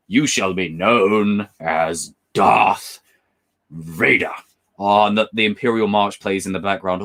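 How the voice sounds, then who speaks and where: A man hosting a casual livestream, reading chat messages aloud and talking with excitement and the odd swear word. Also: mid-range voice. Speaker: livestream host.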